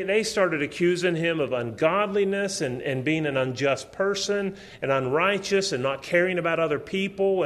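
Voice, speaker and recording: A middle-aged man preaching a sermon in a lecture hall, telling a personal story and acting out the quotes with a raised voice. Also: a little high. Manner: animated storytelling, acts out quotes loudly.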